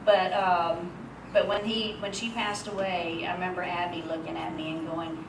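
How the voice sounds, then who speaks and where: A woman's voice: fairly low pitch, little pitch movement, moderate pace. Woman telling a funny eulogy story, far off. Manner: chatty, laughing often through stories. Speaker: memorial speaker. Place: memorial gathering hall. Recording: echoey room, distant mic, noisy.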